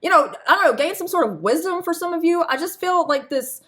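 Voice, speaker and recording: A woman's voice: extremely high pitch, animated, fairly quick, a bit bright. A woman giving a casual spiritual card reading to her viewers, earnest and chatty, often laughing and calling them y'all.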